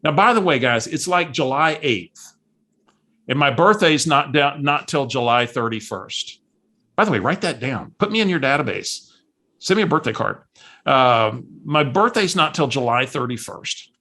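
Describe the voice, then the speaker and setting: A real estate coach speaks on a call in a mid-range voice at normal speed. He tells a lively story, performing the voices of the people involved.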